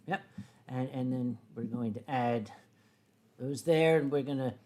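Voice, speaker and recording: Give me a playful male stream host, high-pitched, who drawls slowly through his chat. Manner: playful, rambling, with many fillers. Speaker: livestream host drawing viewer requests. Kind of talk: casual rambling chat while drawing.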